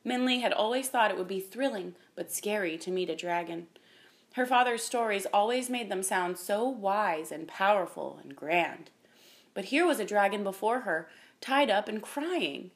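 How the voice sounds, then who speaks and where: Woman calmly reading a storybook. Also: medium pitch, normal speed. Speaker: reader.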